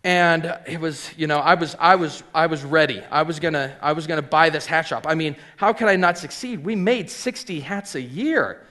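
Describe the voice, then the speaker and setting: A middle-aged man who owns a hat shop, telling his personal story as an animated storyteller, acting out the voices of people he quotes and often saying um and like. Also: on the high side, normal speed, few pauses. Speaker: hat maker and shop owner.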